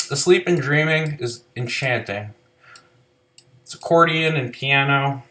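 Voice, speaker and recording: A man talking through an album track by track in a loose, casual way. He rambles, leans on "like" constantly and swears offhandedly. His voice sits at an ordinary middle pitch. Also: animated, a little slow, pushed and bright. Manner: rambling, many "like" fillers, loose profanity. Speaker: album reviewer. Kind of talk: casual spoken music review.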